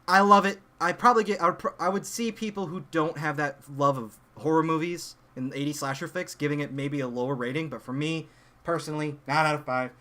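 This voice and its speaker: A young man on a podcast, excitedly retelling a movie plot in casual chat, full of fillers and restarts. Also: a little high, brisk. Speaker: podcast co-host.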